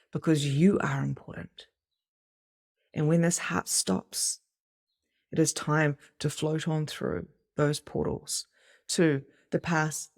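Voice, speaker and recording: A woman giving a casual spiritual lesson to camera in an expressive style, acting out inner voices and swearing now and then. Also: low-pitched. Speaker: psychic medium and spiritual teacher.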